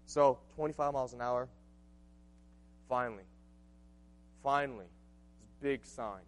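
A man's voice: medium pitch, a little slow. A man in his late twenties preaching a sermon, earnest and conversational, telling a personal story with frequent asides. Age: 20s. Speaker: pastor.

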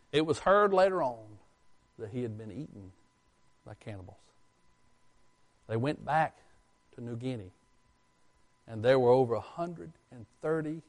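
A man preaching a Bible sermon with emphatic delivery, asking the congregation questions and answering them himself. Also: mid-range voice. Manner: emphatic, rising and falling, asks the congregation questions.

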